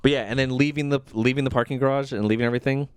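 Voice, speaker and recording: A young man co-hosts a podcast in easy, casual chat. His voice sits at an ordinary middle pitch. He tells stories loosely, full of filler words and swearing, and the sound is dry and close. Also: steady tone, rapid-fire, clear, resonant tone, dry recording. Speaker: podcast co-host.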